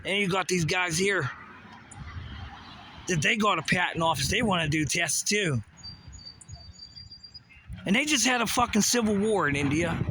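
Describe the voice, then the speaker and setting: A man's voice: on the high side, bright, forceful tone, a little hiss or hum. A man ranting to camera in a heated way, swearing often and firing off rhetorical questions. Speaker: vlogger. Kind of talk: profane conspiracy rant to camera.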